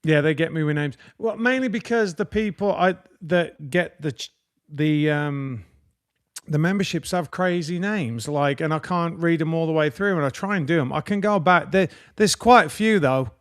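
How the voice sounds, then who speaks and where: High-voiced man reading names. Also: clean tone. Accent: non-American. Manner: chatty, reads names haltingly with asides. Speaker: guest reading out member names. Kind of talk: casual live-stream chat.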